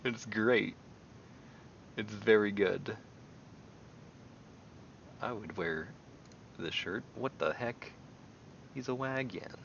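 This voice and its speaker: A man streaming casual commentary while browsing online, rambling excitably and swinging between mumbles and loud bursts. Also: on the low side, takes it slowly, gravelly, long pauses, lo-fi sound, a little hiss or hum. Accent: American. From American.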